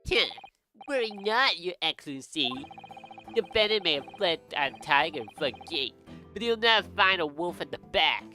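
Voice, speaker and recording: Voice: mid-range voice, lively intonation, normal speed, sharp tone, soft background music. A streamer reading a game aloud and putting on the haughty, theatrical voice of a scheming prosecutor. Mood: smug. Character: smug scheming male prosecutor.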